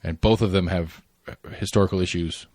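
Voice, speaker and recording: A man's voice: low-pitched, fairly even intonation, normal speed, darkish tone, no room sound, clean studio sound. A man co-hosting a casual current-affairs podcast, rambling with lots of fillers and restarts and the odd swear word. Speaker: podcast co-host.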